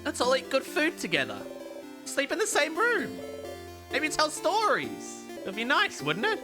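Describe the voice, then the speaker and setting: A man voicing a shy, earnest young woman companion who talks softly and hesitantly, apologizing often. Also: very high voice, huge pitch swings, unhurried, voice pushed up, heavily acted. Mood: hopeful. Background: game music.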